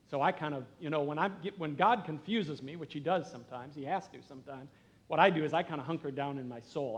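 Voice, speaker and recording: A middle-aged man preaching as pastor in a church, talking conversationally and earnestly, dropping to quiet emphasis at times. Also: fairly high pitch. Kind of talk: sermon. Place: church sanctuary.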